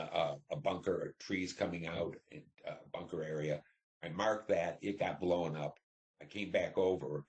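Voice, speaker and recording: A man in his seventies, a veteran, telling his war memories in a rambling, blunt and profane way, with many restarts. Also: deep voice. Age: 70s. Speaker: veteran recounting war service. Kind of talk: oral history storytelling.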